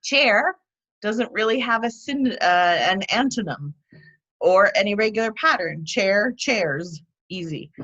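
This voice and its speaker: A woman instructor giving a demo lesson on teaching vocabulary, explaining each step clearly and patiently. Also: medium pitch, animated, a little slow, a bit bright, dull audio. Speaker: TESOL instructor.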